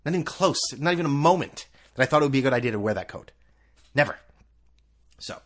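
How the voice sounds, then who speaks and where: A man's voice: mid-range voice, lively intonation, fast. A man hosting a solo sports podcast, rambling and sarcastic, swearing freely as he jumps between topics. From US East Coast. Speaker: podcast host.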